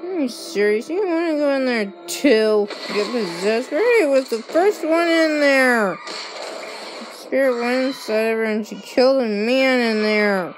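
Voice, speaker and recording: A woman commenting on a game, reacting with excitable, alarmed outcries. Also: on the high side, unhurried. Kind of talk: reacting to gameplay. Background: game music.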